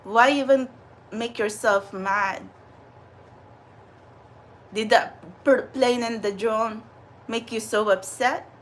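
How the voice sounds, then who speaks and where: A woman with a high, bright voice chats away in a casual vlog. She rambles with lots of fillers and restarts, and she laughs easily as she talks. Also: takes it slowly, long pauses. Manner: chatty, animated, frequent laughs and fillers. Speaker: vlogger and spiritual channeler. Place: New York City area.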